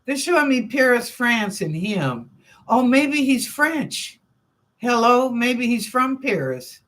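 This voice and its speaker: A woman hosts a live psychic reading show and answers viewers' questions one by one. She talks slowly and casually, thinks out loud and repeats herself as the answers come to her. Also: fairly high pitch, sing-song. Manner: chatty and informal, thinks aloud, repeats phrases. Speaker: psychic reader and show host.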